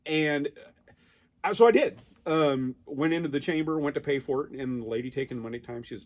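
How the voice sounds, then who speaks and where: Animated American man in his 50s telling a story. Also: on the high side, brisk. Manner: animated storyteller, acts out quoted exchanges with laughs. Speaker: duck calling champion guest. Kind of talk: casual storytelling interview.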